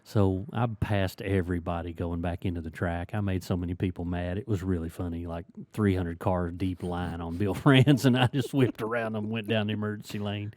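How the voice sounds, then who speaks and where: Middle-aged man with a low, mellow voice, telling stories. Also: a little fast, hardly any pauses, no room sound, clean studio sound. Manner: lively storyteller who acts out quoted voices. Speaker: podcast host and sticker shop owner. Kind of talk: casual storytelling chat.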